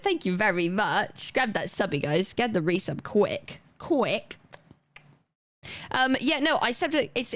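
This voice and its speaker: A young woman livestreaming, chatting casually and rambling as she reads chat aloud and thanks viewers. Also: on the high side.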